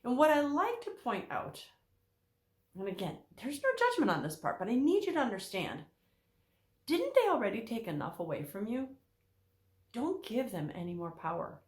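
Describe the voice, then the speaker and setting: A woman therapist speaking straight to her viewers, emphatic and animated, repeating her key points for weight. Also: on the high side, moderate pace, echoey room. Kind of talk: direct-to-camera talk.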